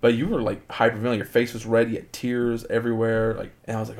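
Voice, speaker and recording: A middle-aged man, a father, talking with his child in a relaxed, chatty way, often saying "like". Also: on the low side, fast talker, few pauses. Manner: relaxed, chatty, heavy use of "like". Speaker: father and show co-host. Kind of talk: casual family chat.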